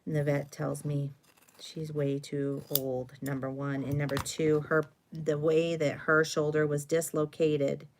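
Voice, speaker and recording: Brief: middle-aged woman, low voice, chatty live-stream host who rambles through stories, faint hiss behind. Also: little pitch movement, measured pace, a little mellow. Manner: rambling, chatty, with fillers and self-corrections. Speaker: craft video host. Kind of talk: casual storytelling during a live stream.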